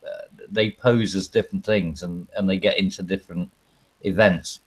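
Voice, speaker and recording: Low-voiced man rambling through a crude story. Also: fairly even intonation, normal speed, slightly rough, low-quality recording. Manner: rambling storyteller, crude humor, frequent laughs. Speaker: stream host. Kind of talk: casual banter on a livestream.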